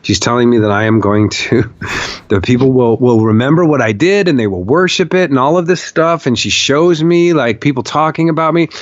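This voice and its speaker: A man's voice: mid-range voice, normal speed, no echo. A man as a podcast guest, telling a story in an emphatic, profane way and repeating phrases for stress. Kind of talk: conversational storytelling. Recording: dull, muffled podcast audio.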